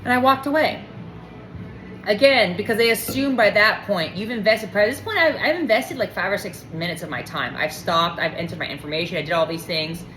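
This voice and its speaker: A woman tells a personal story in an expressive, medium-pitched, slightly bright voice, speaking fairly quickly. She rambles, drifts off track and acts out what people said, with roomy echo and slight background noise.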